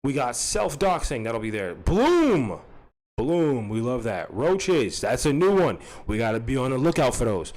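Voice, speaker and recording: A man talks off the cuff into a desk mic, a commentary host with lively swings in pitch. He goes from loud, mocking, profane jabs to low, mumbled asides to himself. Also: normal speed, few pauses. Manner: loud and animated, pitch jumping up high; profane, mock-threatening. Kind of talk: unscripted commentary.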